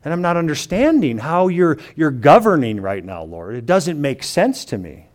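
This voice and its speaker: A man teaching a sermon, reading scripture slowly and quietly, then explaining it in his own words with frequent restarts and paraphrased quotes. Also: on the high side, very animated. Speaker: preacher.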